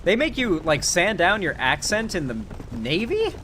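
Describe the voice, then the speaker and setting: A man's voice: high-pitched, wildly swooping pitch, a little slow, bright, forceful tone, a little hiss or hum. A man with a Florida accent chatting casually and swearing while he plays a game and talks politics. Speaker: streamer and political commentator. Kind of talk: casual commentary while gaming.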